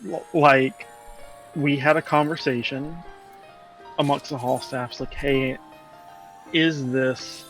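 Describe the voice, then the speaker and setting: A man's voice: mid-range voice, steady tone, slow pace, pauses often, fairly bright tone, faint music behind, poor audio. A man chatting casually during a game stream, telling a long, rambling story and laughing along as he goes. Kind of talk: casual chat while gaming.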